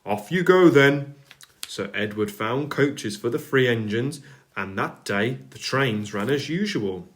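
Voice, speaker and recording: A man reading a children's storybook aloud, calm and measured. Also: mid-range voice. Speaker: narrator.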